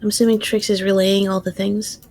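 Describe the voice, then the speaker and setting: A woman's voice: mid-range voice, level tone, brisk, darkish tone, rough recording. A woman playing in a tabletop role-playing game, asking questions in character and out. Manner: curious, questioning. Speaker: player.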